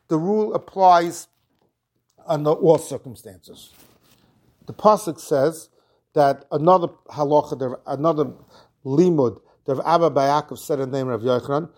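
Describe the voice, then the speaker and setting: Man explaining a Talmud lesson. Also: a little high. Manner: reads Aramaic phrases then explains them, with restarts. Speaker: Talmud teacher. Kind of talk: Talmud lesson, translating Aramaic into English.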